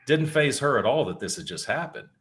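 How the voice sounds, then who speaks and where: A man's voice: medium pitch, lively intonation, fairly quick, a bit bright. A middle-aged man on a podcast telling a story in a loose, rambling way, swearing freely and often restarting his words. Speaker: podcast co-host. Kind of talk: casual storytelling. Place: home.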